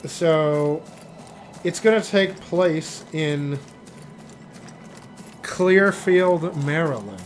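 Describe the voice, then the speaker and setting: A man's voice: a little high, lively intonation, drawn-out words, pauses often, slight background noise. A man streaming and chatting casually, rambling and interrupting himself while he talks. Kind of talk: casual chat while gaming.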